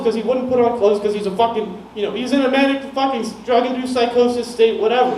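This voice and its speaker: A young man tells a rambling, profane stand-up story with a high, light voice, chuckling at his own lines. The sound is distant and roomy, with a low hiss under it in a small comedy venue. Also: fast talker, hardly any pauses, darkish tone. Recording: echoey room, mic heard from far off, some noise.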